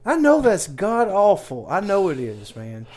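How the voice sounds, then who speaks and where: A man's voice: high-pitched, huge pitch swings, measured pace, darkish tone. A man co-hosting a podcast in casual chat, rambling and self-deprecating as he talks. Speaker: podcast co-host.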